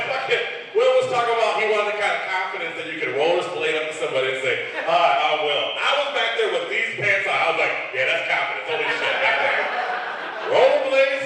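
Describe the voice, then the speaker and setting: A middle-aged stand-up comedian from Detroit, USA performs a profane set on a club stage, acting out the people he quotes. His fairly high voice is picked up far from the mic in an echoey club hall with a noisy background.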